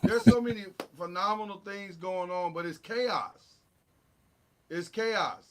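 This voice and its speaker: A man hosting a casual sports talk show, recapping games in an animated, joking way with sound effects. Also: high-pitched, slow, crowd noise.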